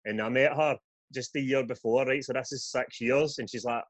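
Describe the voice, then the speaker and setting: A man's voice: mid-range voice, a little fast, no echo, highs cut off. Sweary Scottish man telling stories. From Scotland. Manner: sweary, animated storytelling. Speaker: guest author. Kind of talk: casual podcast chat.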